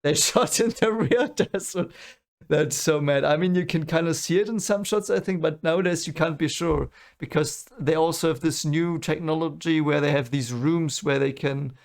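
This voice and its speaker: A man's voice: a little high, fairly even intonation, normal speed, gravelly, hardly any pauses. A man hosting a movie reaction, rambling and correcting himself as he thinks aloud. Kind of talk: casual reaction commentary.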